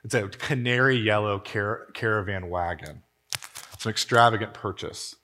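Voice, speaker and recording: A man preaching a sermon in a church, telling a story in an animated, conversational way. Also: fairly low pitch, normal speed. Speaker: pastor. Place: church hall.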